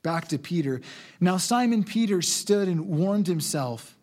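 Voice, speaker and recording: Man, pastor, sermon, earnest, exhorting, a touch higher-pitched voice. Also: expressive, a little slow, a little mellow. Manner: earnest, exhorting, reading scripture aloud.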